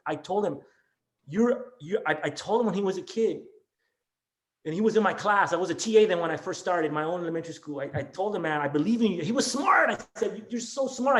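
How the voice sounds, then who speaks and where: In an echoey room, a man with a high voice speaks. He teaches elementary school and, during a class discussion over video call, rambles with raw emotion, keeps restarting, and peppers his words with "dude" and "man."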